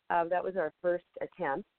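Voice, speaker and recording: A woman's voice: very deep voice, vocal fry, no echo. A woman hosting a show, telling a personal story in a rambling, hesitant way. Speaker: podcast host. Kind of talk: casual storytelling. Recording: tinny phone line, dry.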